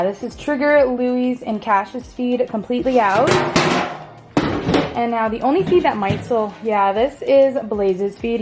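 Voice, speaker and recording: A woman vlogging casually on her farm, bubbly and chatty, talking to the camera about feeding her animals. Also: mid-range voice. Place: outdoors on a farm, then a feed shed.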